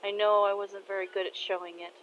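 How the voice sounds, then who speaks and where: A woman's voice: mid-range voice, little pitch movement, fairly quick, a bit bright, highs cut off, a little hiss or hum, close to an everyday voice. Woman voicing a tender, tearful father. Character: soft-hearted tearful father, humble hero.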